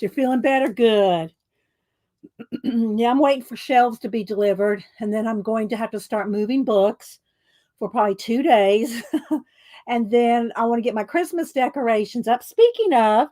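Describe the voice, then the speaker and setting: Woman host, middle-aged, casual livestream chat, rambling and giggly, voice sits a bit high. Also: warm tone. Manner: rambling, chatty, laughs often, greets viewers.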